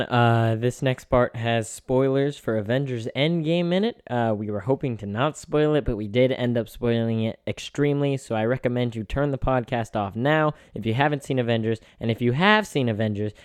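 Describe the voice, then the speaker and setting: A man's voice: mid-range voice, fairly quick, few pauses, clear, resonant tone, dry recording, clean studio sound. A man co-hosting a podcast, speaking in a friendly, earnest way. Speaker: podcast co-host. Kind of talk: podcast announcement and chat.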